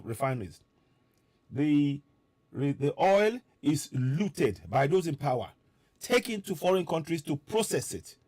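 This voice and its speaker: A man speaks with fervent, insistent energy on a live stream, his voice sitting fairly high. He hammers his points home through repetition, like a preacher. The sound is dry and close, with no room echo. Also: a little mellow. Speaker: political commentator addressing diaspora viewers. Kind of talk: impassioned live-stream address.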